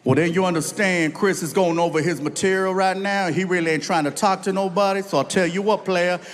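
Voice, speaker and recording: A man voicing a huge, calm male bodyguard who talks low and slow with street slang. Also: in a large hall, lightly acted. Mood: dismissive.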